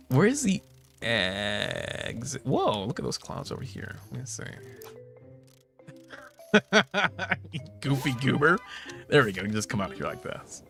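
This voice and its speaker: A man's voice: mid-range voice, vocal fry, bright, forceful tone. A man in his late twenties chatting casually while streaming a game, joking, swearing and laughing often. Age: 20s. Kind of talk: casual gaming stream chat.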